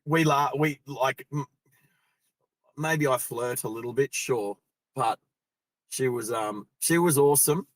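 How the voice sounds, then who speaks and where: A man's voice: mid-range voice, measured pace, long pauses, no room sound. A middle-aged Australian man hosting a live driving vlog, telling stories in a loose, chatty way and laughing easily. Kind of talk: casual storytelling while driving. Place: in a car on the road.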